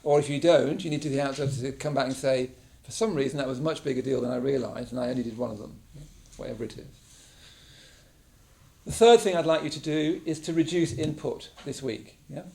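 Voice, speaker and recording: A gravelly, mellow male voice of medium pitch, moving a little fast, belongs to a meditation teacher from England. He runs his mindfulness class in a casual, conversational way, checking in with the group through frequent "yeah?"s in the class room.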